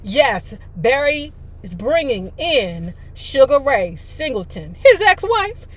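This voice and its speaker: A woman's voice: fairly high pitch, animated, slow pace, slightly rough. A woman reading a memoir aloud, breaking in with chatty, blunt asides and mild cursing. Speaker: storyteller.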